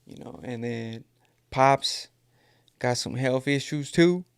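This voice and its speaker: A man's voice: medium pitch, takes it slowly, gravelly, smooth, dry recording, clean studio sound. A man in his thirties with a California Mexican-American Spanglish accent, hosting a podcast in rambling, joking casual chat. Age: 30s. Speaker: podcast host. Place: at home. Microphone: camera.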